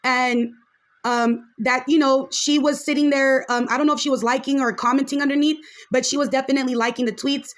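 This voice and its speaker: A woman's voice: high-pitched, steady tone, brisk. A woman hosting a podcast, giving frank, chatty reaction commentary on a video and dropping in a few Spanish phrases.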